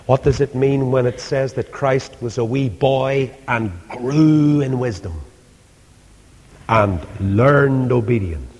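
A man preaching a sermon, swinging between loud pleas and hushed asides. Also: medium pitch, takes it slowly. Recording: long hall reverb.

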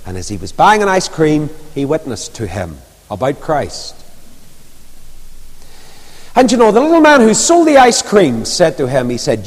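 A man preaching a sermon, telling stories with lively emphasis. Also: a little high, moderate pace, pauses often. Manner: storytelling, animated, rising and falling emphasis. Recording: long reverb of a large hall.

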